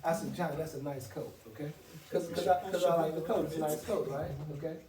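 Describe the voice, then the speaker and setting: A man's voice: on the high side, a little fast. Emphatic male sales trainer in echoey room. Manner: emphatic, repetitive, asks "okay?" often. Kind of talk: motivational training talk. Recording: echoey room from far off, noisy.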